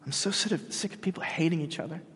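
A man preaching a sermon as pastor, animated and emphatic, often restarting his sentences. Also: a little high, fast, husky, long reverb tail.

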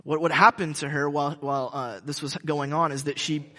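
Man preaching with bright, ringing voice. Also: fairly high pitch, steady tone, in a large hall. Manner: conversational, halting with many restarts. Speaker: pastor. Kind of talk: sermon.

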